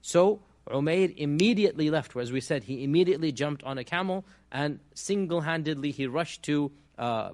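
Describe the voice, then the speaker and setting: Male religious teacher, fairly high voice, patient lecture delivery with frequent fillers and check-ins. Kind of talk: classroom lecture.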